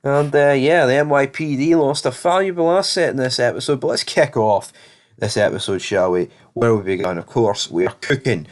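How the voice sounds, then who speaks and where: A man's voice: medium pitch, normal speed. A man recapping a TV episode in a rambling, blunt, opinionated way. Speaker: TV show reviewer.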